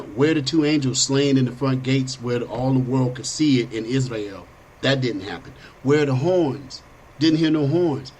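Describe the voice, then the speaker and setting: A man's voice: mid-range voice, rough recording. A middle-aged man hosting a political talk show, blunt and rambling in a conversational way. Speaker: host. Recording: faint background noise.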